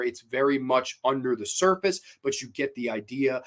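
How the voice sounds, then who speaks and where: A man hosting his own show, casually reviewing a horror film, excitable and swearing freely, with many fillers and repeated words. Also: mid-range voice, moderate pace, hardly any pauses.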